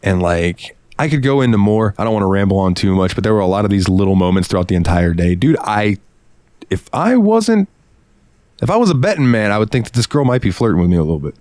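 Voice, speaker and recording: Young male podcast co-host, low voice with big swings, animated and profane, dry close mic. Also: quick pace, dry recording. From Florida, US. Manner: animated, swears freely, acts out quotes. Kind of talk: casual storytelling.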